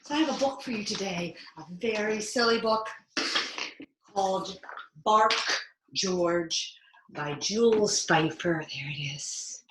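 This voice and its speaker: A woman teaching yoga to young children, reading a picture book aloud in a playful, animated way with slow, clear cues. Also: mid-range voice, reverberant, noisy background. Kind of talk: interactive storytelling with yoga cues for kids.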